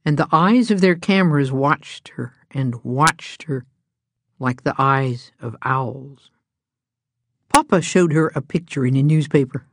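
A woman reading a storybook aloud in a gentle, even storytelling manner. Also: extremely low pitch, a little slow, no echo. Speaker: narrator.

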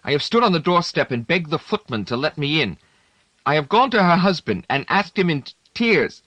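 A tormented young male poet pours out his feelings with fierce, impassioned intensity, as a man reads him aloud. His voice sits noticeably higher and louder than the surrounding narration. The sound is dry and close. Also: lively intonation, normal speed, no room sound, lightly acted. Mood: anguished. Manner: impassioned, rising to tearful.

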